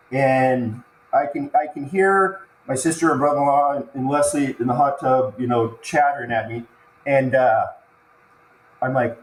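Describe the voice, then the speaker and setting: A man's voice: mid-range voice, fairly even intonation, slight background noise. Echoey man telling a raw personal story. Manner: halting, full of restarts, choked up while recounting. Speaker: podcast guest. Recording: roomy echo.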